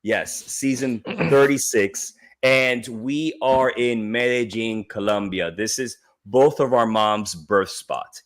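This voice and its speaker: A man's voice: medium pitch, takes it slowly, hardly any pauses. A man in his thirties co-hosting a casual podcast, talking loosely with fillers and frequent laughs. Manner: loose, rambling, laughs often, many fillers. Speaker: podcast co-host. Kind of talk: casual recap chat.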